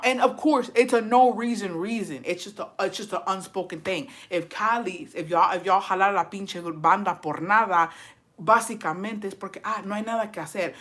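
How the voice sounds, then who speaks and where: A woman livestreaming casual chat, animated and profane, switching freely between English and Spanish. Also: medium pitch, fairly quick. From Texas. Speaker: livestream host. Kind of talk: casual chat reacting to viewer stories.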